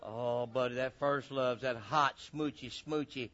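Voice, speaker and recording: A man preaching a sermon, animated, acting out little dialogues, on a dull lo-fi recording. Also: mid-range voice, measured pace. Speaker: pastor.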